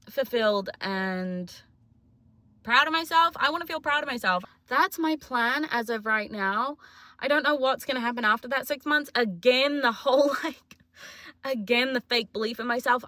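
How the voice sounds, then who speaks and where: A woman's voice: a little high, sharp tone, no echo. A twenty-year-old woman with a New Zealand accent, talking in a chatty, self-mocking, jokey way in a casual confessional vlog. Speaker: vlogger.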